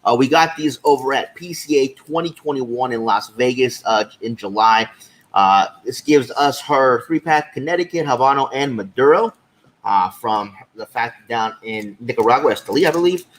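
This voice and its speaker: A man co-hosting a podcast in casual chat, his voice at an ordinary middle pitch. He talks in a relaxed, easygoing way, full of "uh" and "um" as he thinks aloud. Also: normal speed, rough recording. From California. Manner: relaxed, chatty, with many fillers. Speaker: podcast co-host.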